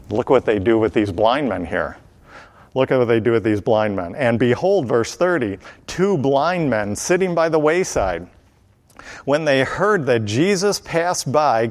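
A man teaching from scripture in a sermon, with a mid-pitched voice. He is emphatic and quizzes his listeners. He slows down and drops low when he hits his main points. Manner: addresses listeners with questions and a quiz.

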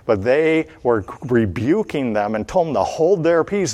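A man teaching from scripture in a sermon, with a mid-pitched voice. He is emphatic and quizzes his listeners. He slows down and drops low when he hits his main points. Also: animated, darkish tone. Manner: addresses listeners with questions and a quiz.

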